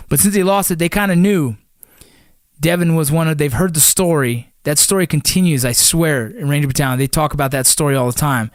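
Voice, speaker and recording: A man in his thirties tells a war-buddy story in a loose, swearing, conversational way, stopping and restarting his sentences. His voice sits at an ordinary middle pitch and is recorded dry and close, with no room sound. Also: no echo. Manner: profane, conversational, frequent fillers and restarts. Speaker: army veteran telling a story. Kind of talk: casual storytelling vlog.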